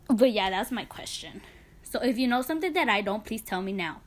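A woman's voice: on the high side, lively intonation, brisk. An eighteen-year-old woman hosting a podcast, talking casually in a chatty, sarcastic way. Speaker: podcast host.

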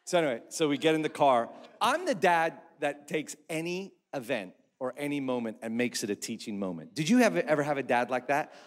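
A male pastor, likely in his thirties or forties, telling a funny family story in a sermon with animated, self-mocking humor. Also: fairly high pitch, a little fast. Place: church hall. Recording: echoey church hall.

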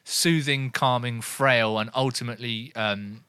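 A man co-hosting a comedy podcast, bantering casually, swearing and now and then shouting. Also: mid-range voice, fairly even intonation, measured pace, clean tone, dry recording. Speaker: podcast co-host.

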